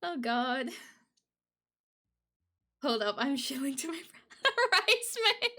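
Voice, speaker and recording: A giggly woman streamer chats casually with her live audience, her voice high and bright. She talks at an easy, unhurried pace and bursts into excited laughter.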